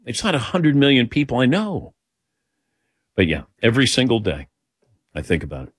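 Lively, animated male radio host. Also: medium pitch, moderate pace, pauses often, breathy edge, dry recording, clean studio sound. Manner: animated, self-deprecating, rambling. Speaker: radio show host taking callers. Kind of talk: casual talk radio chat.

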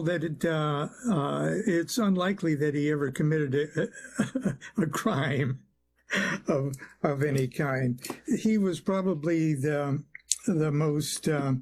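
A man being interviewed on late-night radio, answering thoughtfully with many pauses and fillers. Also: a little high, darkish tone, breathy edge. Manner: hesitant, many uhs, thoughtful, chuckles. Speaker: guest, author and singer-songwriter.

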